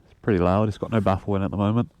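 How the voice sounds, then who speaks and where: A man's voice: low-pitched, fairly even intonation, racing, dry recording. A man with a congested, nasal voice from a cold, chatting casually as he rides a motorbike on trails. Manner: chatty, loose, repeats himself. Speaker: motorcycle vlogger. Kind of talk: casual chat while riding. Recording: loud engine and wind noise.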